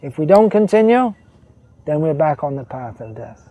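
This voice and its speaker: A man giving a devotional sermon, reading quotations and explaining them, slowing down to stress key phrases. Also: fairly high pitch, very animated, narrow, tinny audio. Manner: voices quoted figures, slows to stress key phrases. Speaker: preacher.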